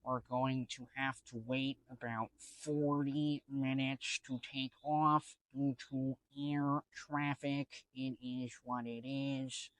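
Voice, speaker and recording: A man imitating a weary male airline captain reading out an announcement in a flat, resigned tone. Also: medium pitch, takes it slowly, dry recording, low-quality recording.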